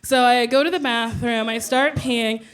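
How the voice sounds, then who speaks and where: A woman comedian telling a stand-up story with animated, loud acted-out quotes. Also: a little high, normal speed, clear, resonant tone.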